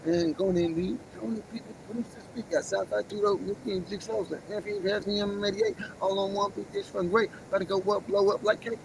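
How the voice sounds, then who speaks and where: A man's voice: high-pitched, lively intonation, a little fast, gravelly, hardly any pauses, background noise. A man livestreaming, half-rapping and half-ranting in an agitated, profane, defiant freestyle. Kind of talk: freestyle rap and rant on a livestream.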